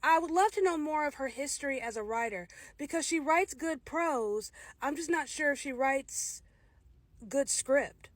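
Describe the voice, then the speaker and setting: A woman's voice: high-pitched, animated, unhurried, no room sound. A woman giving a casual, candid spoken review of a film, opinionated and direct, with frequent restarts.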